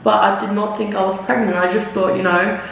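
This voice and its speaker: Doing her makeup, a young vlogger tells a rambling, profanity-laced story full of "like" and "literally." She talks a little fast in a steady, gravelly, medium-pitched voice. The echoey room and far-off mic add roomy reverb, a little hiss or hum, and she speaks turned away from the camera.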